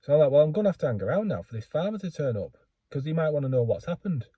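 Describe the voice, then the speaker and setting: A man's voice: on the high side, very animated, rapid-fire, mellow, husky, no room sound. A man telling a rambling, self-deprecating story in a casual vlog, full of fillers and restarts. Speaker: book vlogger.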